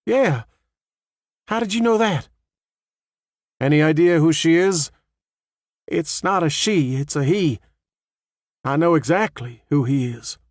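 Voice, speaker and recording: A woman's voice: low-pitched, a little slow, long pauses, dry recording, studio quality, voice pushed up. A man voicing a rattled small-town woman sheriff, who talks in a shaky, stammering way in an audiobook. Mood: grim.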